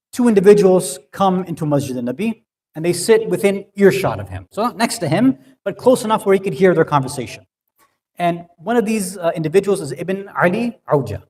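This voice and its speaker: In a long-reverberating hall at an Islamic center, a man with a fairly high, slightly mellow voice delivers a sermon-style talk. His storytelling is conversational, punctuated by frequent "right?"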